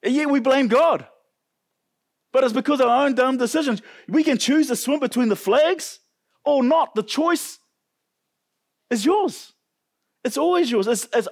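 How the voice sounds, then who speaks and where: A New Zealand man preaching at a church service, his voice sitting high and bouncing all over the place. He jokes with the congregation and quizzes them as he goes, animated and warm-hearted. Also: a little slow, creaky, long pauses, husky. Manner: animated, jokey, talks to congregation. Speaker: pastor. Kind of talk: sermon.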